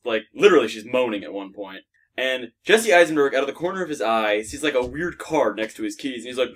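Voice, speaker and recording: A young man chats on a film podcast, blunt and sarcastic and quick to swear. His voice sits mid-range in pitch. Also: fairly bright tone. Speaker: podcast co-host. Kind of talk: casual movie review chat.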